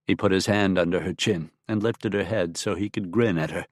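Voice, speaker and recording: A man narrating a western audiobook in an even, measured storytelling manner. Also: low voice, dry recording, clean studio sound. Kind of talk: scripted narration.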